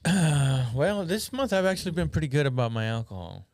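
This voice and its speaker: A man in a podcast conversation, speaking haltingly with lots of pauses and restarts. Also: on the high side, sing-song, a little mellow, no echo, clean studio sound. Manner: halting, hesitant, many fillers. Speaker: podcast co-host. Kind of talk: casual podcast chat.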